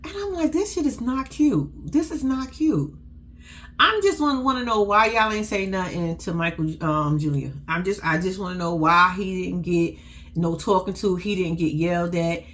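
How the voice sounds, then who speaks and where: A woman's voice: on the low side, normal speed, a bit bright. A woman giving casual, blunt, profane commentary on a reality show, laughing often as she tells the story. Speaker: reality TV recap host.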